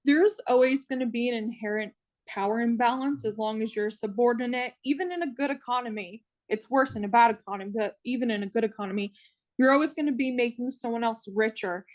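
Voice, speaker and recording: A woman co-hosting a casual live-stream chat, asking questions in a measured, thoughtful way. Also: a little high.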